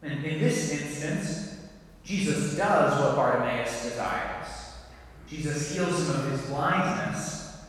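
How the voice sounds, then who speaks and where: A man preaching a sermon in a measured way, asking his listeners direct questions. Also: a little high, lively intonation, a bit bright. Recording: echoey hall, voice from a far mic.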